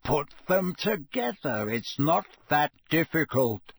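A man voicing a gruff, blunt old male wizard in an audiobook reading, growling his lines in a husky voice. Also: fairly high pitch, very animated, takes it slowly, no room sound, pitched above the performer's own voice, exaggerated voice.

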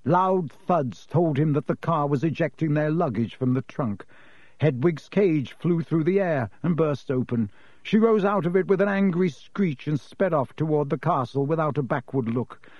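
Man, audiobook narrator, measured storybook reading, slightly high voice, dry, dull lo-fi sound. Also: lively intonation, darkish tone, no echo.

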